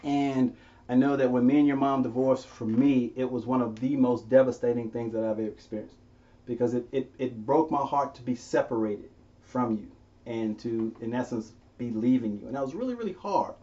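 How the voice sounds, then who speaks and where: A man's voice: medium pitch, fairly quick, warm tone, far from the mic, lo-fi sound. A man interviewing his grown son, often laughing as he tells stories and acts out voices in quotes. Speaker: interviewer and father. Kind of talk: unscripted conversation.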